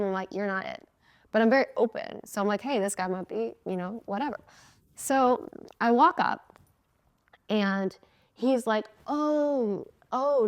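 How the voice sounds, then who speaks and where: A woman in her thirties hosts a podcast, telling a personal story casually and chattily in a medium-pitched voice. She often acts out her own past lines and laughs mid-sentence.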